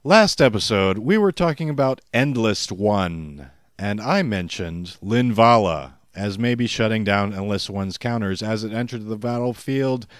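A man's voice: on the low side, no room sound. A man co-hosting a podcast in casual chat, with a dry, self-mocking manner. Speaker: podcast co-host.

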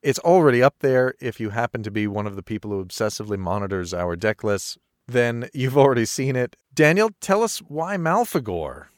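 A man co-hosting a podcast, chatting in a relaxed way and introducing the next segment. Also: mid-range voice, fairly quick, few pauses, dry recording, clean studio sound. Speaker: podcast co-host. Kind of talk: casual podcast chat.

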